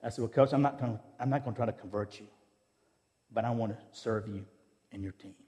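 A preacher talks quickly in a lowish, dark-toned voice, his words trailing off in long church reverb. His sermon is conversational and built on personal stories, with him performing the dialogue of each anecdote.

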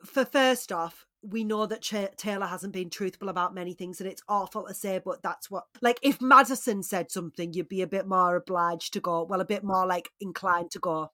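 A woman co-hosting a podcast, chatting casually in a recap, swinging between loud exclaims and quiet asides. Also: mid-range voice, moderate pace, hardly any pauses, no room sound, studio quality. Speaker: podcast co-host.

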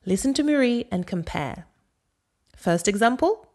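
A woman with a Parisian accent hosts a scripted language-learning podcast. She explains pronunciation clearly and patiently, then demonstrates French phrases herself. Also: mid-range voice, expressive, unhurried, darkish tone. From Paris, France. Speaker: podcast host and French teacher.

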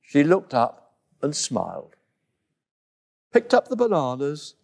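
A male storyteller reading a children's tale slowly and expressively. His voice has a gravelly grain and a lively, rising and falling melody. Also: on the high side. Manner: expressive, unhurried.

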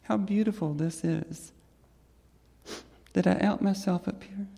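A trans woman telling a personal story on stage to an audience in a reflective, gentle way. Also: mid-range voice, steady tone, measured pace, vocal fry, breathy edge. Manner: reflective and gentle, with soft laughs. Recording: long hall reverb.

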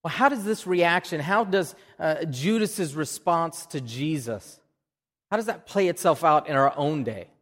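A man's voice: on the high side, animated, a little slow, fairly bright tone, long reverb tail. A man with an Oklahoma accent preaching a sermon in a conversational way, often repeating a word as he restarts a phrase. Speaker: pastor. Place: church.

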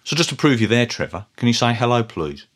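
Man, middle-aged, deadpan, earnest, plodding podcast host, mid-pitched voice. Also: fast talker. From Birmingham, England. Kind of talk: scripted comic monologue.

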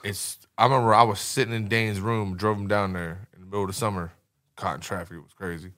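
A man on a casual podcast, talking a little low. He tells loose, joking stories and swears freely. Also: steady tone, fast. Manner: loud, joking storyteller, lots of swearing. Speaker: podcast co-host. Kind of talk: casual chat.

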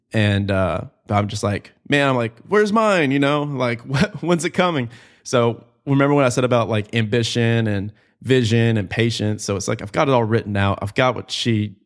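A man in his late twenties hosting a podcast, talking candidly and earnestly about his life, with casual fillers and swearing, close to tears at times. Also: lowish voice. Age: 20s. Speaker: podcast host. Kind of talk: personal reflective monologue.

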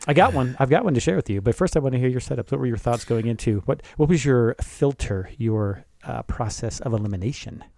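A man co-hosting a casual home-recorded podcast, with a gravelly, fry-edged voice at a middling pitch. He tells stories with animation, laughing often and acting out quotes. The sound is dry and close. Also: brisk, few pauses, darkish tone, no room sound. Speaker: co-host, deacon. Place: home studio in a basement closet.

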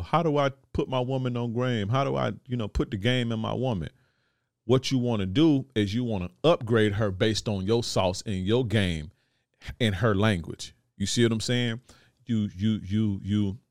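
Podcast host, male, low voice, blunt street slang, keeps checking the listener follows, dry close sound. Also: dry recording. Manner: blunt, repeats "you see what I'm saying"; slangy, profane. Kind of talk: casual monologue to listeners.

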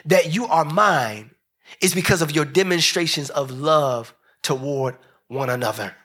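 A man preaching a lively sermon, joking with the congregation, dropping into slow low phrases and rising into high shouts. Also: slightly rough. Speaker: pastor.

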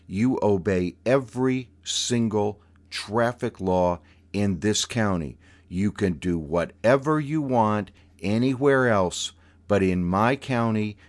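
A man voicing an elegant, genteel Southern aunt who is syrupy and coaxing, then firm and commanding in slow, stern words. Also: lowish voice. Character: elegant genteel Southern aunt, sweet but steely, woman.

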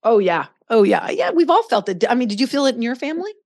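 Middle-aged woman, lively and fairly high. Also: quick pace. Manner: lively, laughs often. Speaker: podcast guest. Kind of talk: casual chat.

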